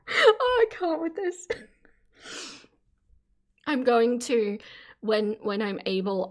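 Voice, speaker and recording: Gushing woman streamer thanking donors. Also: a little high. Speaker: livestream host. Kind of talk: casual live-stream chat reading donations.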